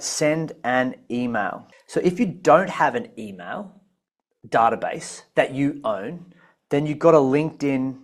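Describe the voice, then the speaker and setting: Energetic business coach. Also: male voice, medium pitch. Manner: energetic, coaching, repeats key points. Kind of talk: live online masterclass.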